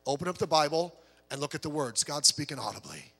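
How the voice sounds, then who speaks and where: Male pastor, high bright voice, animated storytelling sermon with jokes, long hall reverb. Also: fast talker, vocal fry.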